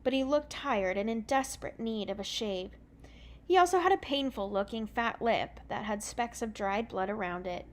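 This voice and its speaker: A woman reading a children's book aloud in a relaxed, unpolished way, correcting her own slips as she goes. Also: a little high, normal speed. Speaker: reader.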